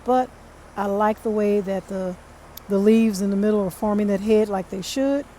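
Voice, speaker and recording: Woman, mellow voice, casual garden walk-through, outdoors, faint background noise. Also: mid-range voice, steady tone, moderate pace. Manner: chatty, addresses viewers as y'all. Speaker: home gardener vlogger. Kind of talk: casual garden tour talk.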